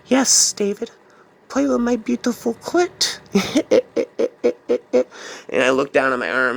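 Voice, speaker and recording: A man's voice: mid-range voice, creaky, bright, forceful tone. A man telling a first-person horror story in a rambling, repetitive way, often tacking on "man". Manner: repetitive, keeps adding "man".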